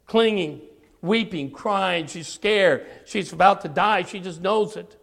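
A man's voice: sits high, slow pace, gravelly, a bit bright. An older man preaching an earnest sermon, telling stories with rising emphasis.

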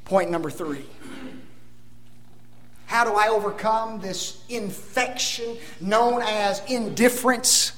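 A man preaching a sermon, emphatic, with rhetorical tag questions and dramatic swings between loud declarations and hushed asides. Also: high-pitched, slow. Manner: addresses the congregation as folks.

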